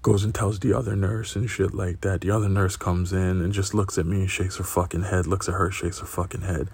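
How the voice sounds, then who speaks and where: A young adult man hosts a podcast, telling a crude story in a casual, profane way and laughing along. His low voice is gravelly and husky yet a little mellow, recorded with no echo.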